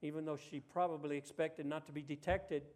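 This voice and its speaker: Male pastor, slightly raised pitch; conversational sermon with rhetorical questions and voiced quotes. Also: steady tone, fairly quick, darkish tone.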